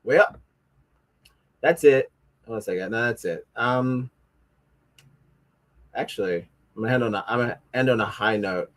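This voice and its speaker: Male streamer, casual live commentary, mid-pitched voice, rambling delivery that trips over words, sarcastic asides. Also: measured pace, long pauses. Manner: rambling, stumbling over words while reading aloud. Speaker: livestreamer.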